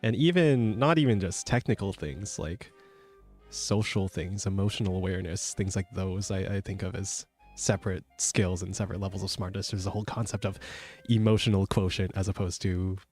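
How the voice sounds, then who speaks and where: A man streaming as a VTuber, chatting casually while he codes, joking at his own expense and sometimes breaking into high squeaky yelps. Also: normal speed, a little mellow, soft background music. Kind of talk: casual chat while coding.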